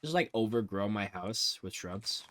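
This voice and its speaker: Rambling low-voiced young man. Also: unhurried. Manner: rambling, low-key monotone with sudden excited bursts. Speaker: gaming vlogger. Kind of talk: casual chat while playing a building game.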